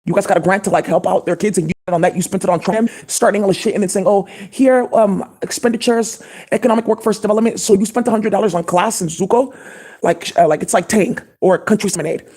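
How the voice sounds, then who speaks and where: A channel host talks fast to camera in a husky, middle-pitched voice that's a touch mellow. The lengthy monologue wanders, full of cursing and indignation, and keeps stalling on fillers and restarts.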